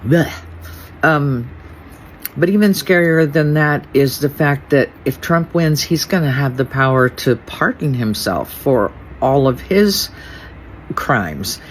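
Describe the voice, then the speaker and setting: A man speaking slowly in a halting, stumbling way, with many fillers, in a casual monologue. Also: medium pitch, expressive, a little hiss or hum, poor audio. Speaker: content creator.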